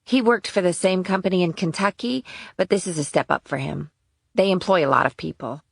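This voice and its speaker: Man doing a high, frantic young mother, trembling, whispered role-play, distant. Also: a little fast, creaky, a bit bright, breathy edge, no room sound, clean studio sound, heavily acted. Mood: worried. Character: frightened young mother, anxious woman.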